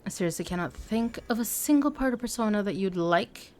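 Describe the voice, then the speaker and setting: A woman with a medium-pitched, slightly mellow voice streams a video game live, sounding animated and speaking a little fast. Her talk is casual gameplay chatter, full of playful asides, as she reads viewers' messages aloud and chats with them.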